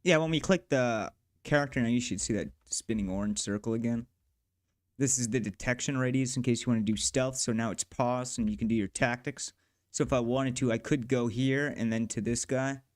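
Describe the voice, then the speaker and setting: A man with a medium-pitched voice talks fairly quickly through his game development progress in a casual devlog. He's exasperated, cursing and grumbling at the software as he goes.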